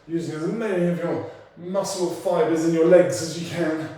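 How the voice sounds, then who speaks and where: A man coaching an online workout class, counting down intervals and cueing form while out of breath, in an energetic, encouraging way. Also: fairly high pitch, normal speed, distant mic. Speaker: fitness instructor. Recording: very echoey room, off-mic, faint noise.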